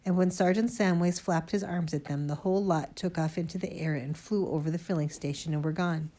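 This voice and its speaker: Woman, storybook narrator, expressive, low voice, warm tone. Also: a little fast. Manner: lively expressive reading, first-person boy narrator. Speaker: audiobook reader. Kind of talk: storybook narration read aloud.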